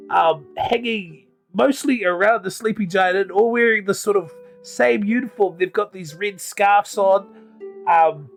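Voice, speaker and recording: Casting: male game master, high gravelly voice, hesitant narration over faint music. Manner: hesitant, many ums and restarts.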